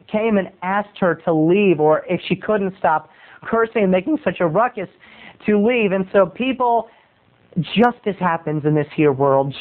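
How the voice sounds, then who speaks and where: A man video blogger tells a rambling comic story, chatty and playful, wandering off on tangents. His voice comes through thin and tinny, like a phone line. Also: sits high.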